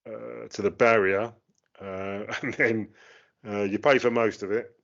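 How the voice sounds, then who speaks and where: Low-voiced hesitant man, lo-fi. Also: fairly even intonation, unhurried, gravelly, fairly bright tone. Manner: hesitant, lots of ums and uhs. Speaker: co-host. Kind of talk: casual chat. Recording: dull lo-fi sound.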